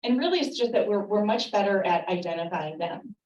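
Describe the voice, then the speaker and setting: A woman's voice: mid-range voice, animated, fairly quick, a little mellow, muffled recording. A woman giving a friendly, chatty talk to a room of parents, with frequent filler ums. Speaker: speaker at a parent presentation. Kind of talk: informal lecture. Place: meeting room with a live audience. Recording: echoey room, voice from far off.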